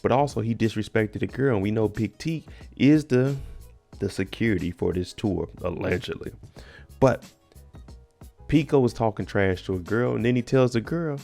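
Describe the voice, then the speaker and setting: Male recap vlogger with a gravelly, fry-heavy voice, casual and joking, addressing viewers directly. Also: lowish voice, lively intonation, normal speed, a little mellow, soft background music. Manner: slangy, joking, talks straight to viewers. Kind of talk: casual show recap commentary.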